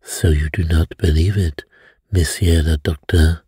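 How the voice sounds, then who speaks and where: A narrator doing a placid, fastidious old detective with a soft, low manner. The voice is deep and very husky, with an unhurried pace. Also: male voice, steady tone, dry recording, clean studio sound, heavily acted. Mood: calm probing.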